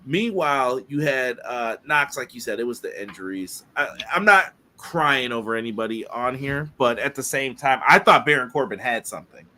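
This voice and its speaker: Bright-voiced man reading chat comments. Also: mid-range voice, expressive, moderate pace, hardly any pauses. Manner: conversational, reads viewer comments aloud. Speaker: podcast co-host. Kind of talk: casual podcast chat.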